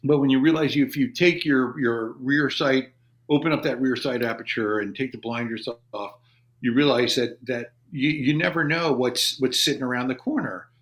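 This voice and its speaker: A man's voice: mid-range voice, normal speed, fairly bright tone. A man in his fifties, an army veteran guesting on a podcast in a studio, telling long casual stories and acting out what people said to him. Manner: rambling anecdotes, acting out quoted dialogue. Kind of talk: casual storytelling.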